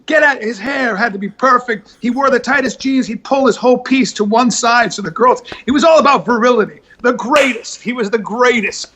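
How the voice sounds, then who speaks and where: A man chatting as a podcast guest, telling animated stories with many restarts and some swearing. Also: very high-pitched, a little fast, hardly any pauses, husky. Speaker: guest, comedian and actor. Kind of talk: casual podcast chat.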